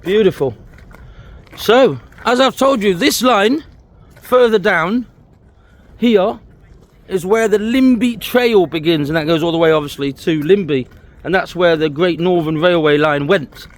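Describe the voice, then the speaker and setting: This walking vlogger, a man with a high voice, speaks a little slowly as he strolls an abandoned railway trail. He keeps up casual, chatty commentary for the camera, pointing things out as he goes.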